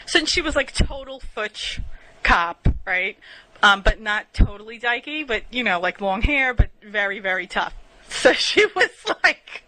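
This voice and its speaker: A woman's voice: medium pitch, expressive, measured pace, pushed and bright, no echo, rough recording. A woman hosting a podcast, telling stories in a chatty, profane, rambling way on a portable recorder. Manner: chatty, profane, giggly storyteller. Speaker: podcast host. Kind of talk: casual rambling monologue.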